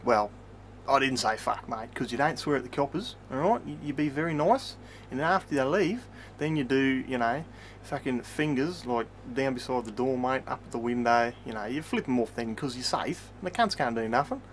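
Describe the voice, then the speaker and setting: A man's voice: medium pitch, moderate pace, a little hiss or hum. A man with an Australian accent telling a profane, rambling comic story, swearing constantly and tagging his sentences with mate. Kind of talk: profane comedic rant.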